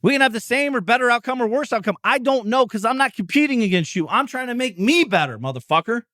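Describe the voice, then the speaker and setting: A middle-aged man hosting a podcast, delivering an intense, profane motivational monologue, often yelling. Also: very high voice, expressive, quick pace, no room sound, studio quality. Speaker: podcast host.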